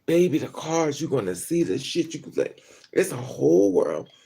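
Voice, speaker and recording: Woman vlogger, husky gravelly voice, profane and gossipy, animated storytelling. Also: sits low, moderate pace. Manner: animated, laughs often between remarks. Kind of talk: casual vlog monologue.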